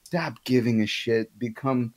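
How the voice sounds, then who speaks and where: A man's voice: mid-range voice, measured pace. A man guesting on a podcast, telling a long, rambling story in casual chat and swearing often.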